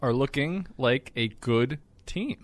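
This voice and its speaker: A man's voice: medium pitch, lively intonation, slow pace, no echo. A man co-hosting a casual sports radio show from a small studio, easygoing and agreeable, giving short replies and opinions.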